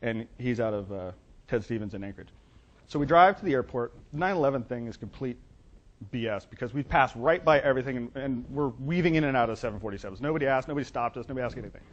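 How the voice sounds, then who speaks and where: Fast-talking man telling a wry business story. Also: medium pitch, lively intonation. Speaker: business plan consultant and speaker. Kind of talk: storytelling talk to entrepreneurs. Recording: dull lo-fi recording.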